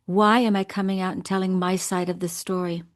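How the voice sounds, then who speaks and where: A woman in her sixties, a guest in an interview, telling her own story in an earnest, measured way. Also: on the low side, little pitch movement. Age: 60s. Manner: earnest, measured, emotional at times. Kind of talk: interview, personal account.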